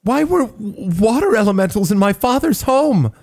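A man's voice: high-pitched, lively intonation, normal speed, a little mellow. A man voicing a wary young girl who suspiciously demands answers from strangers. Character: wary young girl, indignant homeowner's daughter.

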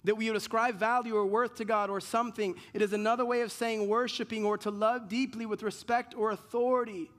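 A man's voice: high voice, level tone, brisk, few pauses, fairly bright tone. A man pastor preaching a sermon in an earnest way, full of rhetorical questions and repeated restarts.

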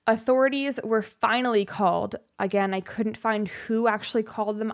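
A young woman co-hosting a podcast, telling a true crime story in a somber, halting way with fillers and sighs. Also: mid-range voice. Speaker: podcast co-host.

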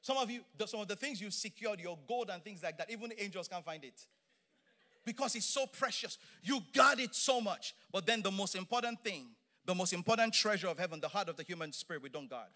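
A man delivers a sermon in a high, bright voice. He preaches with energy, leaning on words for emphasis and slipping in playful asides. He sounds middle-aged. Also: a little fast. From Nigeria.

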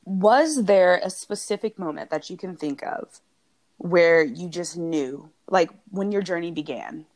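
A woman in her thirties talks in a casual, heartfelt conversation with a slightly low voice. She is effusive and chatty and laughs readily. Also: animated, a little slow, a little mellow. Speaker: podcast co-host.

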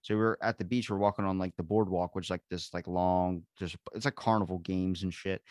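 A man's voice: low-pitched, fairly even intonation, a little fast, darkish tone, no room sound, studio quality. A man hosting a podcast, telling rambling stories in casual chat, swearing a lot and acting out quotes. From grew up in a beach town. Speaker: podcast host.

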